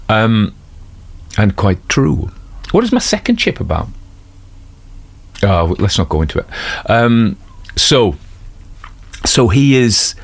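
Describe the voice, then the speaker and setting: A man with a Geordie accent, an audiobook narrator talking casually about a detective series in a rambling, self-deprecating way with many fillers and asides. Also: low voice. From North East England. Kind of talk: casual spoken commentary.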